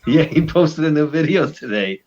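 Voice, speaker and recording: A man hosting a live stream in casual banter, laughing easily and reacting quickly. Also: fairly high pitch, lively intonation, darkish tone. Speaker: stream host. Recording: muffled lo-fi audio.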